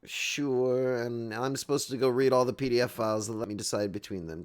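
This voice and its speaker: A man commentates his game live, riffing and joking as he goes. His voice sits at an ordinary mid pitch, and he reads the in-game text aloud with playful asides. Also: fairly even intonation, a little fast, clean tone. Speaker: game streamer.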